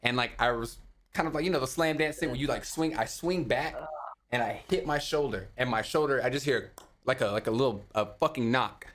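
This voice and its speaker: A young man from Memphis, a podcast host, telling a story in casual chat, animated and profane. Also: a little fast. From Memphis, USA. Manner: animated and profane, acts out quotes in a higher voice.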